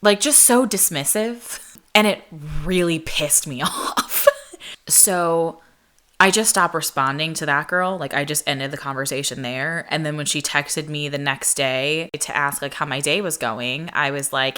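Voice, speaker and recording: A young woman hosting a podcast, telling a story in casual chat, full of "like" fillers and quoting people in higher, sharper voices. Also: moderate pace, sharp tone. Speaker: podcast host.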